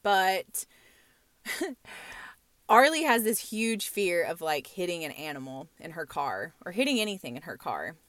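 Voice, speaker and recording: Woman, young adult, lively storyteller, dry close sound. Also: on the low side, unhurried, no echo. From Georgia, US. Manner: animated storyteller, laughs often. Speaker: podcast co-host. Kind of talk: casual storytelling chat.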